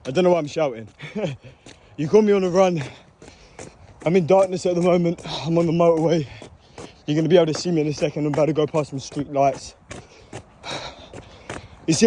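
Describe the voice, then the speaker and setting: A man's voice: sits high, mellow. A young man, out of breath, giving a swearing motivational rant while jogging at night with a phone. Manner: swearing, preachy, breathing hard while running. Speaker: fitness vlogger. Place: outdoors by a motorway at night. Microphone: phone held while running.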